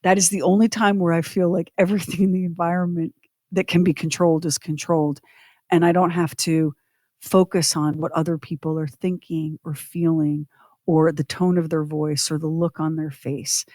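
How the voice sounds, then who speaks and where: A woman's voice: sits low, level tone, moderate pace, mellow, no room sound, studio quality. A middle-aged woman co-hosting a podcast, telling a personal story in an earnest, reflective way. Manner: earnest, reflective, speaking openly about her past. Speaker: podcast co-host.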